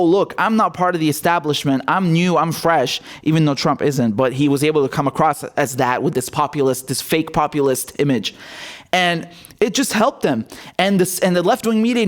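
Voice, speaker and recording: A man hosting his own political commentary show, ranting in a blunt, sarcastic and heated way, sometimes swearing. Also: sits high.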